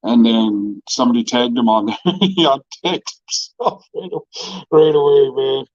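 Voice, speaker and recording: A man's voice: mid-range voice, steady tone, a little slow, a little mellow, dry recording, lo-fi sound. A man in casual storytelling mode, rambling with lots of fillers and frequent swearing, talking about his own run-ins. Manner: laid-back, profane, rambling with many fillers. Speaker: restaurant owner and vlogger.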